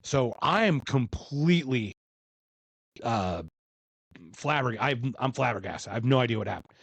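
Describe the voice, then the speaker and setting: Animated man telling a story. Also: medium pitch, unhurried, slightly rough, dry recording. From Philadelphia. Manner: animated, acts out other people's lines. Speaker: podcast guest. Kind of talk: casual storytelling.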